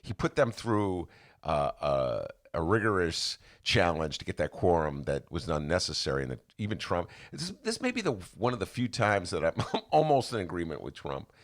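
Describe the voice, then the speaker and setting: A very deep-voiced man, his voice gravelly. He talks in a rambling, self-deprecating way, full of restarts, and his pitch swings widely as he hosts a casual podcast chat. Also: big pitch swings, moderate pace. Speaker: podcast host.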